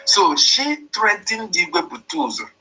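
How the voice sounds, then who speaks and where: Emphatic man, bright husky voice. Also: high voice, animated, takes it slowly, rough recording. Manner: repetitive, emphatic explaining. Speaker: commentator. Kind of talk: interpreting a played voice note.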